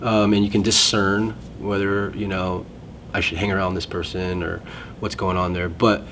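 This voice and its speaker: Guy with a really low voice chatting, keeps cutting himself off mid sentence, faint rumble behind. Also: level tone, moderate pace, a bit bright. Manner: rambling, self-interrupting storyteller. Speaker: guest sharing testimony. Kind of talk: casual conversation.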